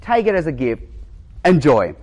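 A generous village barber from a joke, told in a calm, steady voice that repeats the same kind offer each time, as a preacher puts him on. His tone sits lower and softer than the speaker's usual talk, with a lively rise and fall. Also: moderate pace.

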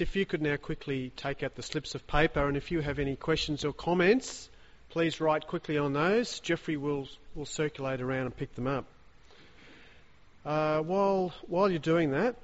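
A man reading church announcements, hesitant and restarting often. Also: on the high side. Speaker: service leader. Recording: long-reverb hall, dull sound.

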